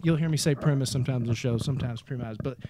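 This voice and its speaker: A man from Kentucky hosting a casual movie podcast, excitable and profane, calling everyone dude. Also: medium pitch, racing, slight background noise. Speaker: podcast host.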